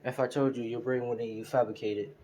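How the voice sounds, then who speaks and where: A man's voice: mid-range voice, fairly even intonation, fast talker, mellow, slight background noise, close to an everyday voice. A man voicing a cocky, proud teenage boy hero with a smug, taunting way of talking.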